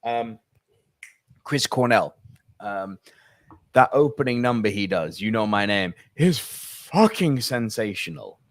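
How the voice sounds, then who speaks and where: A man's voice: lowish voice, expressive, slow, no room sound, studio quality. A young man co-hosting a movie podcast, ranting with plenty of profanity in casual chat. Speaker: podcast co-host.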